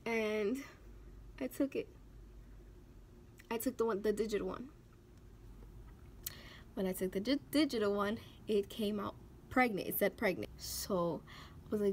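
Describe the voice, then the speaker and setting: Vlogging about her life, a young woman tells a personal story emotionally and animatedly, full of "like" and acted quotes. She speaks at medium pitch and normal speed, pausing at length, with a little hiss or hum present.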